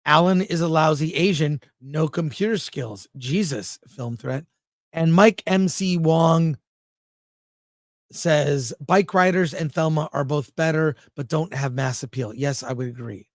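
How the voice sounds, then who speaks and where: Blunt jokey guy reviewing movies on a livestream, highish voice, dry mic. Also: unhurried, dry recording. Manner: brash, blunt, jokey, reads viewer comments aloud. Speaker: film critic co-host. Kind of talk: casual livestream film review chat.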